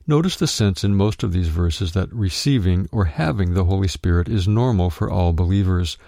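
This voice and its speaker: A man narrating a written Bible teaching, reading it out in a measured way and calling out verse references. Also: deep voice, vocal fry, dark tone, no room sound, clean studio sound.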